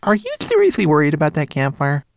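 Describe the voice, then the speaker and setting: A man's voice: on the high side, huge pitch swings, fast talker, creaky, pitched above the performer's own voice, heavily acted. A man putting on a piping tiny homunculus. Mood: fretful. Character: tiny fussy male homunculus, high-voiced.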